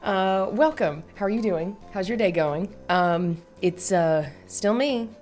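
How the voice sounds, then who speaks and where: A woman's voice: mid-range voice, takes it slowly, darkish tone, soft background music. A young woman chatting casually in a gaming vlog, blunt and sweary, laughing often. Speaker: gaming YouTuber.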